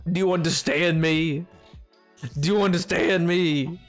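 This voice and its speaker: A live streamer playing a game, joking with chat in a loose, excitable way, jumping from loud outbursts to low mutters. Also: a little slow, faint music behind. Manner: excitable, bantering with chat, jumping between yelling and mumbling. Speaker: livestreamer playing a video game. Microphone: desk mic.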